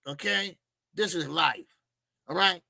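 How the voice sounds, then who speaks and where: High-voiced guy ranting and mocking on his boxing show, swears a lot. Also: slow pace, gravelly, dry recording. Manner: loud, emphatic, mocking, swears freely. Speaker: boxing talk show host. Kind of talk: ranting casual commentary.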